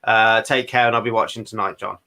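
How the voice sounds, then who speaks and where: Bright-voiced man hosting a live chat. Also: fairly low pitch, fairly even intonation, a little fast. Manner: teasing, reads viewer comments aloud. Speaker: show host.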